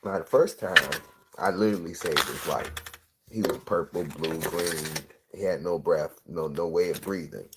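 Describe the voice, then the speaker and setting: A middle-aged man telling a personal story in a casual, profane, animated way, acting out the quotes. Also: low voice, moderate pace, very noisy.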